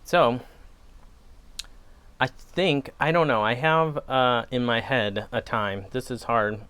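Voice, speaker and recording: This casual pipe-smoking vlog features a Wisconsin-accented man who speaks slowly and steadily in a mid-range voice that is fairly bright, clear, and resonant. The recording is dry. He rambles onto tangents and laughs at himself.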